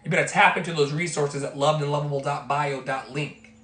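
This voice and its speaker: A man's voice: a little high, fairly quick, pushed and bright. A man giving an emphatic motivational talk as a life coach, repeating his phrases like a preacher. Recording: echoey room with faint music.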